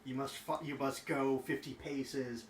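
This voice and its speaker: A man voicing a small wounded character, gasping urgent words in a high, strained voice. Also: little pitch movement, measured pace, a little hiss or hum, natural voice. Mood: desperate. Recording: echoey room, far from the mic.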